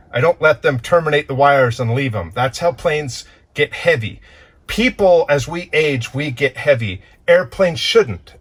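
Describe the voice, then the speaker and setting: A man talking earnestly to camera as the owner and pilot of a plane under maintenance, animated and full of restarts. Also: mid-range voice. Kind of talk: casual walkthrough vlog.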